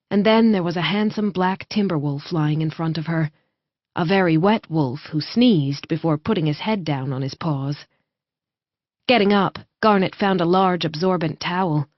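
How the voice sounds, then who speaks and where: Audiobook narrator: woman, low voice, measured read, dry and slightly muffled sound. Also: dry recording. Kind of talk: scripted narration.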